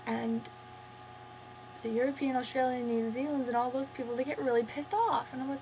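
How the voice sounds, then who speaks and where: A woman's voice: sits high, brisk, darkish tone, a little hiss or hum, rough recording. Chatty rambling Canadian woman. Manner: rambling, chatty, self-interrupting. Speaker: vlogger. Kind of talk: casual ranting monologue.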